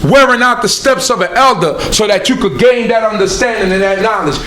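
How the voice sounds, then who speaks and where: A man's voice: high-pitched, fairly quick, bright, forceful tone. A man, teaching scripture informally and urging his listeners on with call-and-response. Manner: emphatic, call-and-response, conversational. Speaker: teacher leading scripture study.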